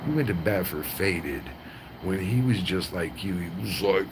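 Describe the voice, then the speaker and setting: A man's voice: low-pitched, expressive, unhurried, background noise. A man livestreaming, taunting and mocking people in a profane, trash-talking rant.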